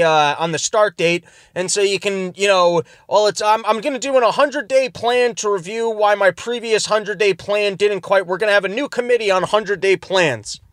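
A man's voice: sits high, fairly bright tone, no echo, studio quality. A man hosting a podcast, giving rambling, sarcastic comedic commentary from his car. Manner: rambling, sarcastic, self-interrupting. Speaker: podcast host.

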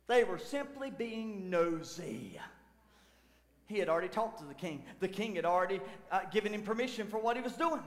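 Middle-aged male pastor, very high voice, fervent sermon delivery, roomy hall reverb. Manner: fervent preaching that swings from loud exclamations to low asides. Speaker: lead pastor. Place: church sanctuary. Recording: echoey church hall with long reverb.

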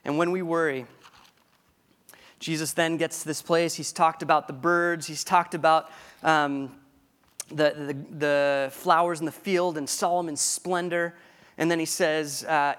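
A man's voice: on the high side, steady tone, moderate pace, fairly bright tone. A man preaching a conversational sermon, often restarting phrases and checking in with the congregation. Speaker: pastor.

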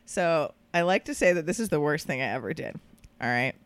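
A woman guest on a podcast, telling a story in casual chat, animated and laughing often, swearing casually. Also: low voice, brisk, no room sound.

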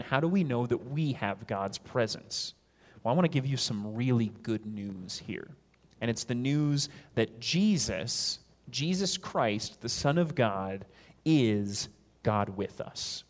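Male pastor, mid-pitched voice, emphatic sermon delivery, drops low and soft for quotes.

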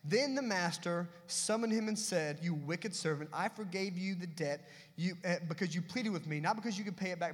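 High-voiced preacher in a reverberant hall. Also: male voice. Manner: emphatic preaching with swings between loud and hushed delivery. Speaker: pastor. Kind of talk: sermon. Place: church sanctuary.

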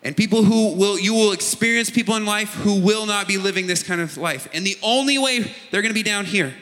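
This middle-aged pastor has a high-pitched, fairly bright voice and speaks fairly quickly. He delivers a sermon built around a personal story told conversationally, and the recording carries a long hall reverb.

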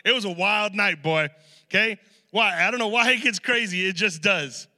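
Male preacher, high and very bright voice, animated conversational sermon, long hall reverb. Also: moderate pace. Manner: conversational, animated storytelling with asides. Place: large hall.

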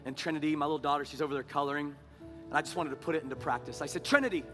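A man in his thirties preaching to a congregation, his fairly high voice rising to emphatic peaks and then falling to near-whispered prayer. Soft music plays faintly beneath his sermon in the church sanctuary. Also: level tone, racing. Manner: swings between loud preaching and hushed prayer. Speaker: pastor.

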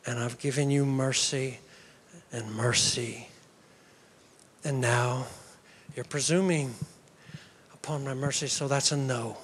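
A man voicing a stern older male professor who speaks in a measured, firm way. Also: medium pitch, steady tone, slight background noise, pitched below the performer's own voice, close to an everyday voice.

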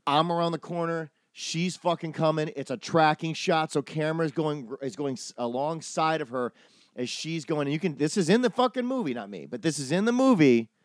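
A man casually telling a long story from his film-set days, animated and profane, acting out the people he quotes. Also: a little high, a little fast, dry recording, studio quality. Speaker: podcast host telling a story.

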